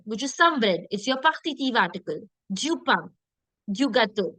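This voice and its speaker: A woman's voice: a little high, sharp tone, no echo, low-quality recording. Woman teaching, checking in often. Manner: explains step by step, checks in with "okay?" and "correct?"; slows down to model French words carefully. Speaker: French teacher. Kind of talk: online language lesson.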